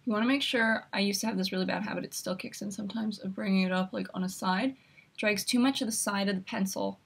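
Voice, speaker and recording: A woman's voice: medium pitch, steady tone, fast talker, creaky, slightly rough. A woman hosting a makeup tutorial, chatty and instructive as she talks through each step while demonstrating.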